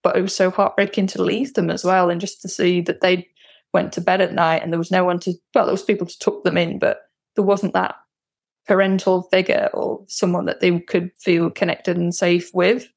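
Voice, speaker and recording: A woman's voice: lowish voice, flat delivery, normal speed, vocal fry, dry recording. A woman, a guest talking candidly and reflectively about her experience, with hesitant restarts. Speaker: guest, client. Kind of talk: personal conversation.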